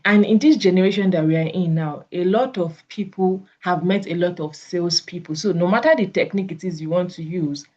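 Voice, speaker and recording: A woman's voice: fairly low pitch, brisk, few pauses, darkish tone. A woman with a Nigerian English accent coaching on sales conversations, acting out both sides of the talks she describes. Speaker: network marketing coach. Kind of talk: coaching talk with acted example dialogues. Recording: slightly dull lo-fi audio.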